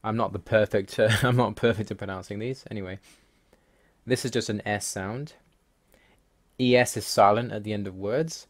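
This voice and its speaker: Narrating an explanatory voice-over for slides, the male host of a language-learning video has a fairly low pitch and a moderate pace with frequent pauses. He goes through the rules methodically, wry and mildly exasperated.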